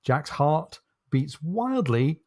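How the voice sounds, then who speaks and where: A man co-hosting a podcast, musing about a novel and posing questions in a relaxed chat. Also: fairly high pitch, very slow, dry recording, studio quality. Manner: thoughtful, poses questions to the listener. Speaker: podcast co-host. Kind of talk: casual book discussion.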